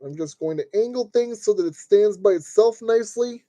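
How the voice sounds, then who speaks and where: Man, high and soft-toned, chatty streamer narrating a kit build, dry room. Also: fairly quick, no echo. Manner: chatty, talks himself through each step. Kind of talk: casual live-stream narration. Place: at a desk indoors.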